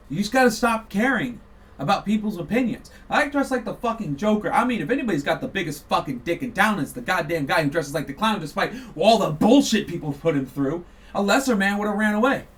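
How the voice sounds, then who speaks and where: High-voiced man ranting, heavy swearing. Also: far from the mic. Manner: heated, sweary, mocking. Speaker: podcast host. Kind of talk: profane political rant.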